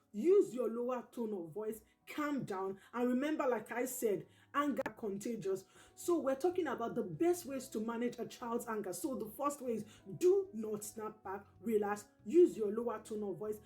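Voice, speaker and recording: A woman hosting a parenting channel, giving advice straight to camera, repeating each key point slowly and emphatically. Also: on the high side, dark tone.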